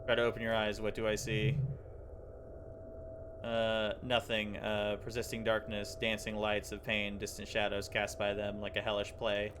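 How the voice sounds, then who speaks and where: A man with a slightly low voice reads a game's story aloud on a live stream, tripping over words and breaking off to react. A faint hum runs underneath. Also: normal speed. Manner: animated reading with stumbles and laughs. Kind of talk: reading game text aloud with reactions.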